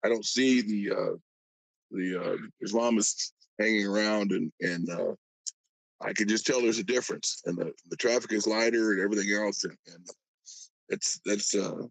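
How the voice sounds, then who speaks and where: A man with a lowish voice, from Alabama, chatting on a live stream. He talks in halting stretches full of "uh" and restarts. The sound is dry and close, with no room around it. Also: creaky, no echo, poor audio. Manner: halting, many fillers and restarts. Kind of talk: casual chat.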